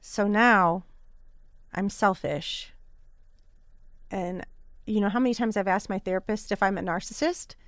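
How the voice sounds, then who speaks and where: A candid woman in her thirties tells her own story with earnest feeling, her pitch sitting in an ordinary middle range. The sound is dry and close, with no room around her voice. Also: fairly quick, no room sound. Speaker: podcast host. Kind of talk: personal storytelling.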